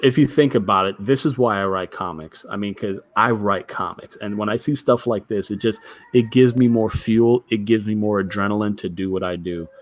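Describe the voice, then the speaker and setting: A man's voice: lowish voice, moderate pace. A man co-hosting a casual comics chat, talking with mock enthusiasm and heavy sarcasm. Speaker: co-host, comic creator.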